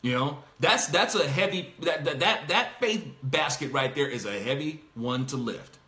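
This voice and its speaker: A man hosting a casual Bible discussion with a bright, fairly high voice. He talks in an animated way, laughing often and acting out the lines he quotes. The room is echoey. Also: normal speed. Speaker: host.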